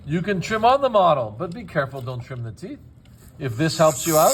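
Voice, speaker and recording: A dental technician shows his lab work hands-on at a dental laboratory, keeping the teaching relaxed and sprinkled with joking asides. He speaks on the high side, expressive and slightly quick, over a little hiss or hum.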